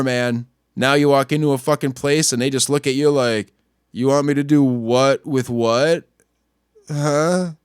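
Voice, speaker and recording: A man hosting a podcast, delivering a crude, angry rant that swings between low muttering and yelling. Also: no room sound, studio quality. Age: adult, not much older than a young store clerk. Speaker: podcast host. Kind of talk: profane ranting monologue.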